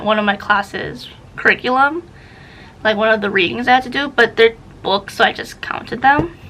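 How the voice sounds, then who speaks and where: Young woman, book vlogger, casual chatty rambling, bright tone, slightly high voice. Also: a little hiss or hum, rough recording. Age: young adult. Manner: chatty, rambling, easily sidetracked. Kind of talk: casual vlog chat. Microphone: camera facing her, self-filmed.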